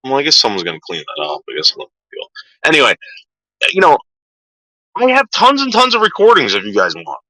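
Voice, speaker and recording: A man's voice: medium pitch, huge pitch swings, fairly quick, pauses often, pushed and bright, no room sound, poor audio. A man ranting on a livestream, swearing heavily and repeating himself as he gets worked up. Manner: profane, agitated, repeats himself. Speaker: livestream host.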